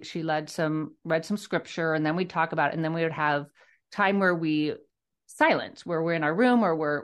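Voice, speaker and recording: Low-voiced woman telling her testimony. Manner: earnest, reflective storytelling with many restarts. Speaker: guest author sharing her testimony. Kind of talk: personal testimony in a podcast interview.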